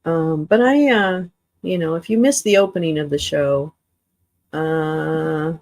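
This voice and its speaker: A woman's voice: deep voice, slow, a little mellow. A tired woman hosting a livestream, chatting with viewers in a rambling way, swearing and laughing often. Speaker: livestream host. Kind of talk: casual livestream chat with viewers.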